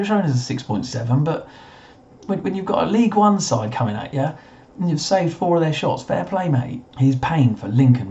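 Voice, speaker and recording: A young man with a slightly croaky voice, casually commentating a football management game he is playing, swinging between mutters and excited cheers. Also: medium pitch, dull audio. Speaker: gaming commentator. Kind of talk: casual let's-play commentary.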